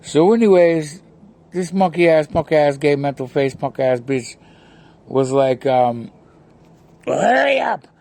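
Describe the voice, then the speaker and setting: A man's voice: a little high, steady tone, unhurried, mellow. A man vlogging from his home, rambling between topics in a casual, profane rant.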